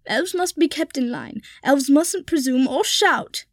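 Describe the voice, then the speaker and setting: A woman's voice: high-pitched, expressive, unhurried, dry recording, studio quality, pitched above the performer's own voice. A woman reading aloud, voicing a dour, fussy old male house-elf servant who turns prim and fretful. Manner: prim, fretful, rising to panicked wails.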